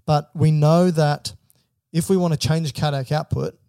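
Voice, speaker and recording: A man co-hosting an educational podcast, explaining things in plain steps and asking prompting questions in a relaxed chat. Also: on the high side, unhurried, clear, resonant tone, dry recording, clean studio sound. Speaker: podcast co-host.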